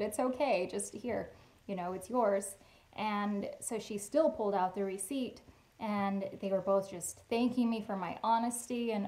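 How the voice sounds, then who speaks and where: A woman's voice: mid-range voice, normal speed, low-quality recording. A woman vlogger casually telling personal stories, acting out the voices of the people she met. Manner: chatty, animated retelling with quoted dialogue. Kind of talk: casual storytime chat.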